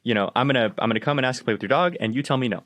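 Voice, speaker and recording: Podcast host, man, mid-pitched, animated storyteller who curses, dry close mic. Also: very fast, no echo. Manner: animated storyteller, profane, acts out exchanges. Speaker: podcast host, dog trainer. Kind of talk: casual podcast chat.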